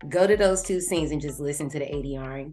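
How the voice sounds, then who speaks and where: A woman's voice: low voice, fast, dark tone, soft background music. A woman co-hosting a film podcast, chatting casually, teasing and swearing freely. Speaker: podcast co-host. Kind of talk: casual chat and film review.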